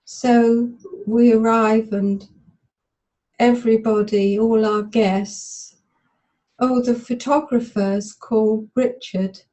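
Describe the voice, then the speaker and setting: Slow, tearful woman in a webinar. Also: a little high, steady tone, mellow, rough recording. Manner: halting, stop-start phrasing with frequent pauses. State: tearful, emotional. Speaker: volunteer in a therapy demonstration. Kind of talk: recalling a memory aloud in present tense. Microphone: webinar call audio.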